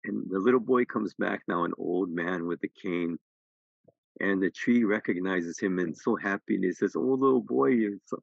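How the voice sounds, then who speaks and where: A middle-aged minister gives a dharma talk in a very low, gravelly voice. The voice is husky, and the sound is dull and dry. He tells his story with restarts and then presses his points emphatically. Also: moderate pace, no room sound. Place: temple hall.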